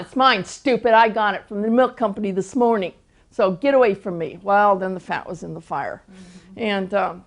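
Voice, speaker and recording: A woman's voice: medium pitch, creaky. An older woman, a Christian teacher, telling a personal testimony in a storytelling way, often restarting her words.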